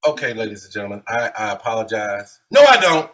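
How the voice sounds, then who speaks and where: Man, podcast co-host, lively swooping pitch, ranting. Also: fast. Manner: animated ranting, big swings in loudness. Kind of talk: casual sports chat.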